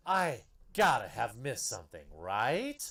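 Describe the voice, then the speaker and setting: A man's voice: mid-range voice, wildly swooping pitch, unhurried, gravelly, a bit bright, voice pushed down, exaggerated voice. A man in a played video, doing a mocking Valley Girl voice to imitate a young woman. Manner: mocking, sing-song imitation.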